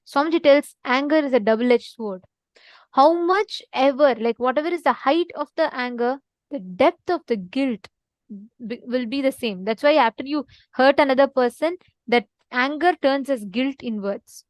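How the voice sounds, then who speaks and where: Woman, high voice, dry close sound, earnest spiritual teacher who repeats her points. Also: animated, measured pace, dry recording. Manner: earnest, repeats for emphasis, asks listeners to respond. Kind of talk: online teaching session with a story.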